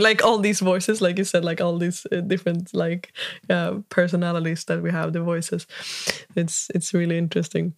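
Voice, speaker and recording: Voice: medium pitch, steady tone, moderate pace. A speaker in casual conversation, reflective and agreeable, with many fillers.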